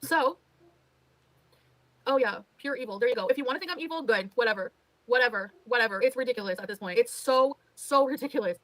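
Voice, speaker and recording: A woman's voice: a little high, fairly quick, a bit bright, dry recording, poor audio. A woman streamer venting on a livestream, exasperated and resigned, swearing often. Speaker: streamer in a played clip.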